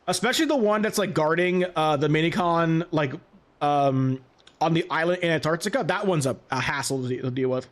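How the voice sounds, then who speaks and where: A man's voice: fairly high pitch, a little fast. A man in his late twenties giving casual, rambling gameplay commentary as a let's player, often correcting himself mid-sentence. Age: late 20s. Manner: rambling and chatty, self-correcting. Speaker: let's play gamer.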